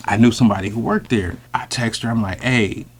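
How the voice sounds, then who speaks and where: A man telling a personal story in a casual, animated, slangy way, with sudden loud outbursts. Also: fairly low pitch, fast, slightly rough. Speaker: storyteller host.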